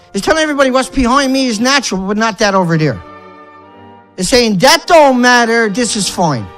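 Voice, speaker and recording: A man's voice: high voice, a bit bright. Furious man ranting with harsh insults. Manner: furious, repetitive strings of insults and rhetorical questions; swears. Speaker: environmental activist vlogger. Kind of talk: angry ranting monologue.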